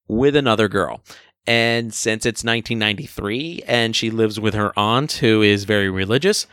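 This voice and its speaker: In a dry, clean studio recording, a man with a medium-pitched, bright, forceful voice hosts a film review podcast. He chats casually and enthusiastically, tossing in plenty of jokey asides.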